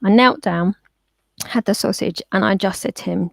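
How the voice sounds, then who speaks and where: A chatty woman tells animated stories and slips into quoted voices as she goes. Her voice has a gravelly, creaky texture. The sound is dry and close, as if she is talking over a call. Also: medium pitch, normal speed, no echo. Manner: chatty, storytelling, acts out quotes. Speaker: pet therapist guest. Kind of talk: casual interview chat.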